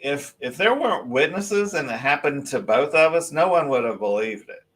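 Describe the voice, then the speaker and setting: A man tells a long story as a show guest. He rambles and restarts, animated and lively as he goes. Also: a little high, moderate pace. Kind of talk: casual storytelling on a live show.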